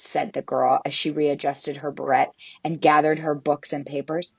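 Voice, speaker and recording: A woman reads a children's story aloud with expression. Her voice is low and husky. The recording is dry and a little dull. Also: fairly even intonation, moderate pace, hardly any pauses, dry recording.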